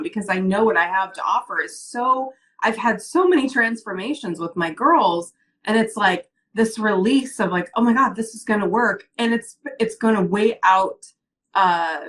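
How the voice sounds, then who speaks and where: A woman's voice: on the low side, a bit bright. Earnest woman talking from the heart. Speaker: coaching client and business owner. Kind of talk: casual interview, personal story.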